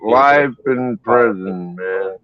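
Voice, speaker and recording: Guy hosting a live stream, slow easygoing talk, dry muffled mic. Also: fairly low pitch. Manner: chatty, laughs easily. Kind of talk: casual group chat.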